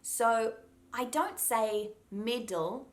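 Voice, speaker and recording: A young adult woman with an Australian accent, coaching pronunciation to camera and slowing down to model each sound clearly. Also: medium pitch, sing-song, fairly bright tone.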